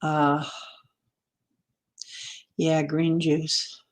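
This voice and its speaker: The woman's voice is low and monotone, stretching out her words as she hosts a livestream. She chats casually with viewers, greets them by name, and laughs often.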